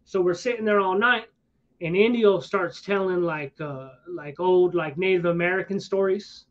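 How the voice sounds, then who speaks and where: High-voiced man spinning a rambling yarn. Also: normal speed. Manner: rambling, conversational, with slangy asides and restarts. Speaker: streamer. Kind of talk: casual storytelling to a listener. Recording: dull lo-fi sound.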